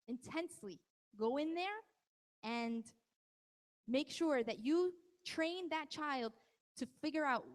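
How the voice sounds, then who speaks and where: High-voiced woman teaching in a reverberant hall. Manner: conversational, teasing audience members by name. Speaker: parenting workshop presenter. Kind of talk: live talk to an audience of parents. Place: large hall at a live event.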